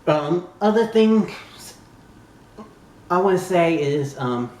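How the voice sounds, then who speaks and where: Excitable young man in an echoey room. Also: a little high, slow. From southern United States. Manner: excitable, gushing fan who curses and exclaims. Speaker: YouTube reviewer. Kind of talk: casual spoken TV review.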